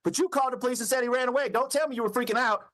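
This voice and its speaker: A man in a heated phone argument, yelling, cursing and accusing the other person of lying. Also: extremely high pitch, rapid-fire. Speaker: caller on a recorded phone call.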